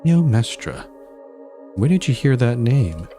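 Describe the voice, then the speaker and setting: A man voicing a wary psychic male snail, slow and storytelling in manner, reading game dialogue aloud. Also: mid-range voice, sing-song, music in the background.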